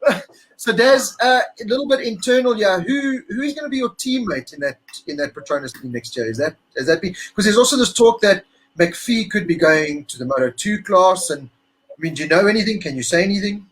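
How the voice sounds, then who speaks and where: A man's voice: high-pitched, expressive, fairly quick, a bit bright, husky, low-quality recording. A man from South Africa, a magazine editor interviewing over a video call, joking and teasing his guest.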